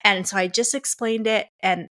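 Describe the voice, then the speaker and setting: A woman's voice: mid-range voice, steady tone, normal speed, a bit bright. A woman hosting a coaching podcast, talking casually and directly to her listeners, with lots of "like" and "you know". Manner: chatty, addresses listeners as "guys", many "like" fillers. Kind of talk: casual solo podcast monologue.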